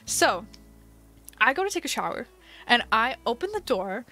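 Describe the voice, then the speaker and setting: A young woman casually telling a story while streaming a game, chatty and animated with many fillers and laughs. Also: fairly high pitch, moderate pace. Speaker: gaming livestream host.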